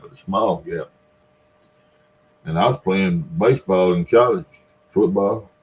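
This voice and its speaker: On a muffled recording, a low-pitched, slightly mellow voice belongs to a Mississippi Delta man in his seventies. This vlogger spins a long story casually and folksily in his Southern accent, chuckling between lines.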